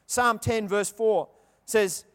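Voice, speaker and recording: A man preaching a sermon, telling the story with animated delivery and acting out the characters' lines. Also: sits high, slow pace, clean tone. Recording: long reverb of a large hall.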